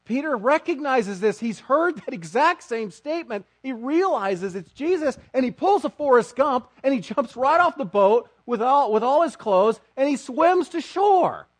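Man, preacher, sermon, high voice, very animated delivery, dramatic storytelling. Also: normal speed, few pauses. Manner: dramatic storytelling, acting out quotes.

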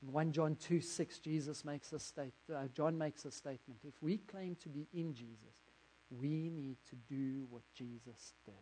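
A man's voice: fairly high pitch, moderate pace, mellow, a little hiss or hum, rough recording. A man preaching a sermon, speaking earnestly and directly to his congregation. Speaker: pastor.

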